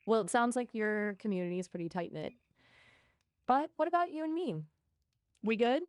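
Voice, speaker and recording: A woman's voice: on the high side, sing-song, no echo. An AI chatbot speaking in a woman's voice, chatting playfully and quipping with a streamer. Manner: chirpy, playful, quick with quips. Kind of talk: casual chat.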